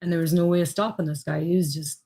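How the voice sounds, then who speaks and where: Lower-voiced woman telling casual stories. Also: steady tone, fast, warm tone. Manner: laughs through her own stories. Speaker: co-host. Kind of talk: casual chat.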